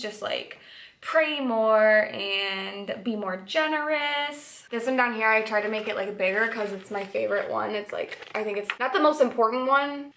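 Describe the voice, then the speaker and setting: Young woman vlogger with a faint Upper Michigan lilt, a touch of vocal fry, loose and chatty to camera at home. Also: on the high side, fairly bright tone, a little hiss or hum. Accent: slight Upper Michigan. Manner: chatty, rambling, many "like" fillers. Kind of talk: casual chat to camera. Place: indoors at home. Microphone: camera mic.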